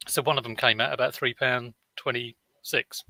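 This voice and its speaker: A man's voice: medium pitch, fairly even intonation, normal speed, vocal fry, bright, forceful tone, poor audio. A middle-aged man, rambling through anecdotes in a casual vlog chat with viewers. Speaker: online reseller vlogger.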